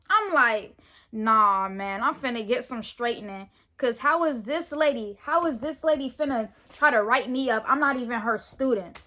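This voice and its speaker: A teenage girl from Florida, telling a school story in casual storytime style, animated and indignant as she acts out the dialogue. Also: fairly high pitch. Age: teens.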